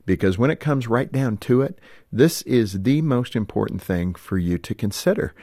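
A man's voice: medium pitch, expressive, moderate pace, mellow, no echo, studio quality. A man hosting a radio interview show, earnest in his closing remarks.

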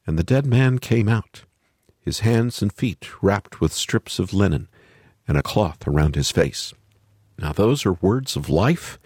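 A man's voice: sits low, husky, dry recording, studio quality. A man giving scripted devotional radio teaching, telling a Bible story expressively and asking the listener rhetorical questions.

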